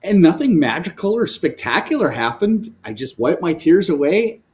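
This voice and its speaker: Over a video call microphone, a man being interviewed remotely as a guest worship leader tells stories in a lively way, laughing often and restarting his sentences. His voice is fairly high and his pace moderate.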